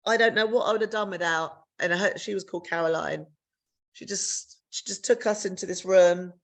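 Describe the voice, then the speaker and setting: A woman's voice: steady tone, fairly quick. A middle-aged woman from the UK on a podcast, telling a personal story frankly, swearing freely and acting out dialogue. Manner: frank, swears freely, re-enacts dialogue with big pitch jumps. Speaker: podcast co-host sharing her story. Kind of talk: candid conversational storytelling.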